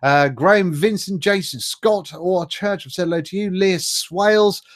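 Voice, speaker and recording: Reading out viewer names and greetings on his casual live stream, this middle-aged man jokes around and trips over the harder names. He talks at a moderate pace in a voice pitched slightly high for a man.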